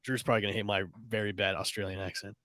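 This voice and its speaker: Dry-voiced man giving halting movie opinions. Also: fairly low pitch, little pitch movement, bright, forceful tone, no room sound. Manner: halting, many restarts, emphatic opinions. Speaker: podcast co-host, film reviewer. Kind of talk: casual chat.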